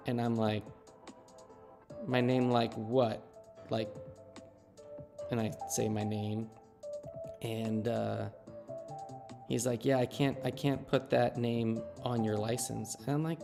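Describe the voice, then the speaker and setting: A man's voice: mid-range voice, level tone, slow pace, gravelly, long pauses, a little mellow, soft background music. A man in his thirties chatting casually on a game live stream, telling a story and laughing at himself. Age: 30s.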